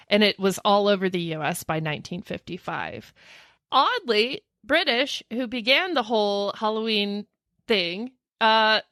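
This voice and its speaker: A woman with a mid-range voice co-hosts a podcast, recorded in studio quality with no echo. She tells spooky history in a casual, jokey way, staying animated, laughing often and tossing in jokey asides during this storytelling chat.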